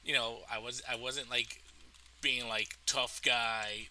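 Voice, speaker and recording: A man telling a story from his life in a casual storytime monologue, animated and profane, laughing at his own tale. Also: mid-range voice, slow pace, slight background noise, rough recording. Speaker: storytelling vlogger.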